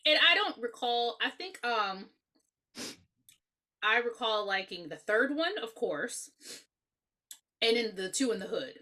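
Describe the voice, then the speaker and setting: A woman co-hosting a podcast, reviewing a horror movie in a casual, animated, profane chat and laughing often. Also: mid-range voice. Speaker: podcast co-host.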